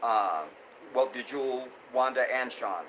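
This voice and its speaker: A man with a bright, forceful voice talks off the cuff on his live stream. He is animated, laughs a lot and repeats phrases as he reacts to viewer comments. A faint hum of room noise sits behind him. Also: mid-range voice, unhurried, low-quality recording. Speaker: host. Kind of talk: casual live-stream commentary reading chat.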